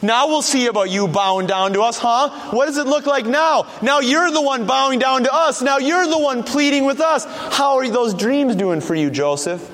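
Jealous, taunting brothers, voiced by a male preacher. They mock and gloat in a high voice. Long hall reverb follows each line. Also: animated, normal speed, hardly any pauses, fairly bright tone, heavily acted. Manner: mocking, gloating.

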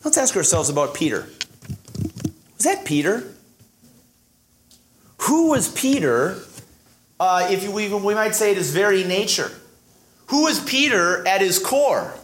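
Animated male preacher. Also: high voice, measured pace, long pauses, a little hiss or hum. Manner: animated, acts out dialogue, many fillers and restarts. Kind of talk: sermon.

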